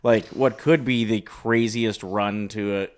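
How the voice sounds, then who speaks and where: A man's voice: on the low side, steady tone, measured pace. A man co-hosting a sports talk show, bantering easily about hockey. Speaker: sports radio co-host. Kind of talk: casual hockey chat.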